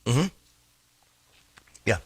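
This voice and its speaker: A man's voice: drawn-out words, darkish tone, no echo. A man co-hosting a radio talk show over a video call, his voice a little scratchy and smoky as he tells rambling, self-deprecating stories. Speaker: co-host. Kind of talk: casual radio banter. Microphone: remote video call.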